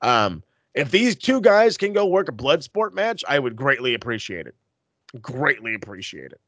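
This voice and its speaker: A man co-hosting a wrestling podcast in casual chat, animated and profane, acting out quotes with big jumps in pitch. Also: normal speed, no echo.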